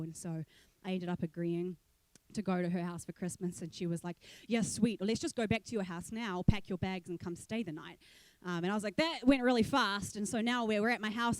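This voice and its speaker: A woman's voice: medium pitch, no room sound. Young woman telling her story in a sermon. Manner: animated storytelling, acting out quoted voices. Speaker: guest speaker.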